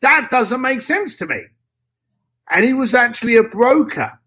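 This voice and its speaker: Animated high-voiced man telling stories. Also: measured pace, highs cut off. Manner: lively, acts out both sides of dialogues; mild swearing, casual slang. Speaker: interview guest. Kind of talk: anecdotal storytelling.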